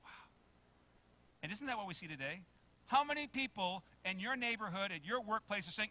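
A male pastor preaching a sermon in a church, animated, acting out quotes and asking the congregation questions. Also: high voice, brisk, pauses often. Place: church sanctuary.

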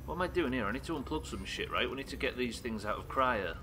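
A man from the UK streaming a game live, swearing often and reacting loudly between muttered asides. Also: medium pitch, expressive, fast talker, slight background noise. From United Kingdom. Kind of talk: live gameplay commentary.

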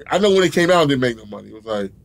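A man telling a profane story as an interview guest, animated, laughing often and acting out the other people in it. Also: medium pitch, rapid-fire, gravelly.

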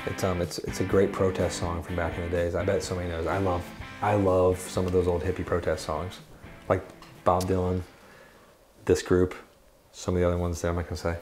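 A man's voice: sits low, monotone, fairly quick. A man co-hosting a casual chat in a guitar shop, joking around and breaking into silly voices. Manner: playful, jokey, breaks into sung bits and silly voices. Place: guitar shop in an old bowling alley.

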